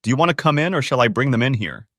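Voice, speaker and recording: A man voicing a gruff, blunt older male business owner in a storybook reading. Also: mid-range voice, expressive, racing, a bit bright, no echo, studio quality, pitched above the performer's own voice. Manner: blunt, cursing.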